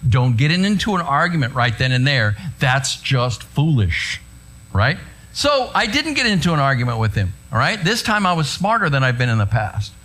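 A middle-aged man preaching a sermon in a conversational, storytelling way, often checking in with the congregation with quick asides. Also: mid-range voice, very animated, a bit bright. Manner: conversational, anecdotal preaching with frequent "right?" asides. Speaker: pastor.

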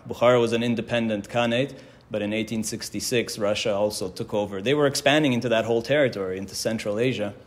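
A man teaching a religious class in a casual, conversational way, telling stories and quoting verses. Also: lowish voice. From Canada. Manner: conversational, chuckles often, quotes Hebrew verses. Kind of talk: casual lecture with storytelling.

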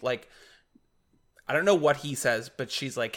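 A man's voice: mid-range voice, moderate pace, fairly bright tone. A man co-hosting a casual podcast, talking hesitantly and enthusiastically about a film. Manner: hesitant, many fillers and restarts, enthusiastic. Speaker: podcast co-host.

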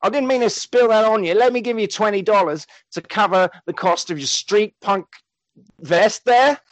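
A man puts on a cocky, swearing action-hero dad with a put-on Australian-sounding drawl, pitched up high and punchy. He swaggers through every line, polite one moment and tough the next. The sound is dry and close, with no room around it. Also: moderate pace, no echo, natural voice. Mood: apologetic. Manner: swaggering, apologetic then cocky, swears a lot. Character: brash, foul-mouthed martial-arts hero dad. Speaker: podcast host recapping a film.

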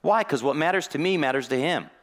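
A man preaching a sermon in a church, telling a personal story in a lively way and acting out the conversations in it. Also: fairly high pitch, fast talker. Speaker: guest preacher.

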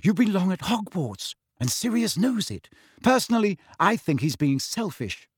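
A clever, earnest teenage girl, as a man puts her on, raised a little and lively. She talks sternly and plainly. The recording is dry and close. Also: sits high, moderate pace, breathy edge, no room sound, pitched above the performer's own voice, exaggerated voice. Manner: stern, matter-of-fact.

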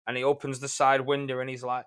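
Animated storytelling man. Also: medium pitch, fast talker, smooth. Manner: animated storyteller, swears freely, laughs a lot. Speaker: podcast host. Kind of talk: casual banter podcast.

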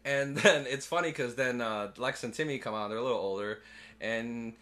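A man casually recapping a movie with a co-host, animated, jumping into squeaky character voices and swearing freely. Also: moderate pace. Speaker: podcast co-host.

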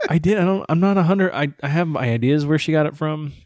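A man's voice: a little high, fairly quick, darkish tone, no echo, studio quality. A man in his thirties chatting casually as a co-host, telling stories with laughter and casual swearing. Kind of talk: casual chat.

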